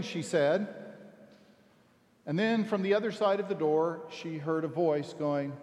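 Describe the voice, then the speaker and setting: A man preaches from the pulpit, his voice sitting a little high for a man. He reads scripture and tells stories in a slow, deliberate way. The sound rings with the long reverb of a large church. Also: a little mellow. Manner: measured, storytelling delivery with slow deliberate phrasing. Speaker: pastor. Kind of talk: sermon.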